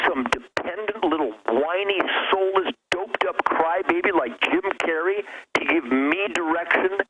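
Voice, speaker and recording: A man calling into a radio show, giving a fervent, preachy speech that swings between emotional and loud. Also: fairly high pitch, lo-fi sound, noisy background. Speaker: guest caller. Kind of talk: impassioned talk radio rant.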